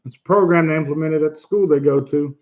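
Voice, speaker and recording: A man's voice: a little high, quick pace, narrow, tinny audio. A man hosting a casual livestream chat, earnest and blunt, who swears easily and repeats himself for emphasis. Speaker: livestream host.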